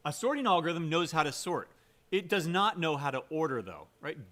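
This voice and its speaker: In a recorded programming lecture, a man who teaches computer science talks at a moderate pace with a fairly high, very animated voice and a bright, forceful tone. His delivery is conversational and emphatic, peppered with "right?", fillers, and restarts.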